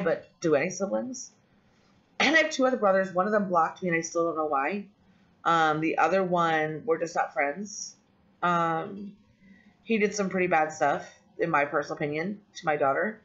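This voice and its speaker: A woman's voice: fairly low pitch, a bit bright. A woman vlogger telling a personal story in a candid, rambling way, with frequent ums and restarts. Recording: dull lo-fi audio.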